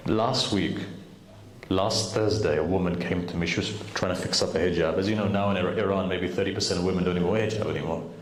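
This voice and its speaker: A man preaching with a lowish voice, earnest and direct with his listeners. His voice rings around a big roomy hall, with faint noise behind it. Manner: earnest, addresses the audience directly. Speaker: preacher at a majlis. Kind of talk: sermon storytelling.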